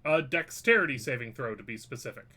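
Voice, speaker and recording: A man's voice: mid-range voice, lively intonation, quick pace, sharp tone. A man acting as game master, joking and hedging as he runs a tabletop game online, swearing now and then.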